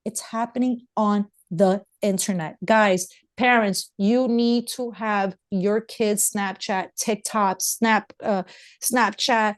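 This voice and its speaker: A woman's voice: medium pitch, steady tone, slow pace. A mother speaking as an interview guest, urging parents with emphatic, repeated warnings. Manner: emphatic, urgent, repeats points. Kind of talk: interview conversation.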